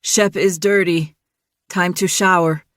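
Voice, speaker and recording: A woman narrator voicing a literal-minded young man who repeats himself and recites facts in a flat, patient way. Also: on the low side, takes it slowly, dry recording.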